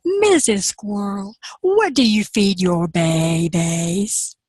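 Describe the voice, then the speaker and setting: A curious mother frog, voiced by a woman telling a tale, asking her questions with her mouth stretched wide. She drags every word out slowly and politely, and the sound is close and dry. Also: mid-range voice, darkish tone, dry recording.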